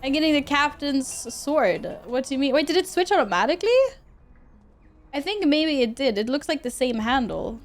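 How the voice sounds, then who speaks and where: With a high-pitched voice full of big pitch swings, a young woman from Sweden talks at a moderate pace during a casual gameplay stream at home. She chats and giggles with viewers while playing.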